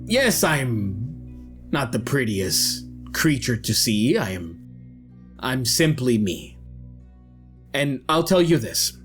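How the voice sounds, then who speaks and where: A man's voice: mid-range voice, sing-song, slow pace, pauses often, a bit bright, faint music behind. Omis, a coaxing old villain, as a man puts him on. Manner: coaxing, soothing, menacing. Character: old male villain, a false father figure.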